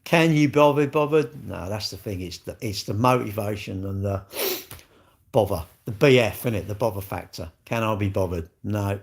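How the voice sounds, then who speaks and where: A man's voice: on the low side, normal speed, gravelly. A middle-aged man, chatting bluntly and ramblingly on a livestream as he answers viewers' comments. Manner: blunt, rambling, chatty with frequent restarts and laughs. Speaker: livestream host.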